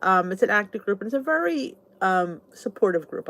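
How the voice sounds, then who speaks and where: A woman's voice: mid-range voice, lively intonation, a little fast, fairly bright tone. A woman from southern New Jersey with a South Jersey accent, chatting casually and rambling on a live stream as host of her weight-loss channel. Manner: chatty, rambling, greets viewers.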